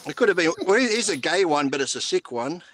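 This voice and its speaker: A man with a somewhat high voice, leading into crude jokes at an unhurried storytelling pace. He keeps the tone casual, like banter among friends on a stream. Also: lively intonation, fairly bright tone, no room sound. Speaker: co-host telling jokes. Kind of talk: casual joke-telling banter.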